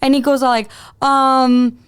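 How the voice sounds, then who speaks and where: A woman co-hosting a casual podcast, telling a story in an animated way with lots of fillers and playful teasing. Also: fairly high pitch, normal speed, clear, resonant tone. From Mexican-American. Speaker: podcast co-host.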